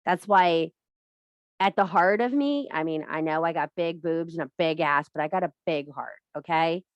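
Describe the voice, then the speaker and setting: A woman's voice: deep voice, moderate pace, dry recording, highs cut off. Blunt, swearing woman giving a spiritual talk. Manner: blunt and profane, emphatic repetition. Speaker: witchcraft teacher and live streamer. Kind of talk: casual spiritual pep talk.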